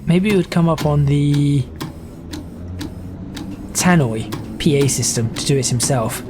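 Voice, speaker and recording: A man's voice: a little high, unhurried. A man giving casual, stop-start gameplay commentary as a video host. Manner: chatty, stop-start, self-correcting. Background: train sim game noise.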